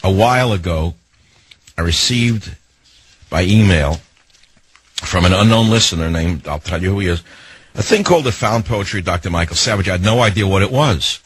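A man's voice: deep voice, expressive, fairly bright tone, slightly rough, rough recording. An older man with a New York accent hosting a talk radio show, brash and digressive. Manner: brash, rapid-fire, digressive.

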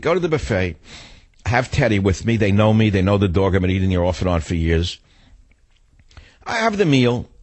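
Husky ranting New man. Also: fairly low pitch, no room sound. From New York. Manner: blunt, ranting, digressive. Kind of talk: opinionated storytelling monologue.

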